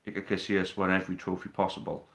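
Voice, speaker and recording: Male host, slightly low voice, casual banter with viewers, phone mic at home. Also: monotone, quick pace. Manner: chatty, reads out viewer questions, teasing banter. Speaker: live stream host. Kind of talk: casual live stream chat. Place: living room at home. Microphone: phone on a tripod.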